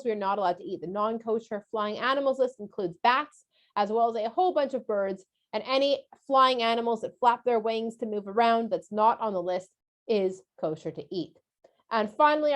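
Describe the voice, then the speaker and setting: A woman teaching a casual lesson for kids, chatty and explanatory with frequent filler sounds. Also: a little high.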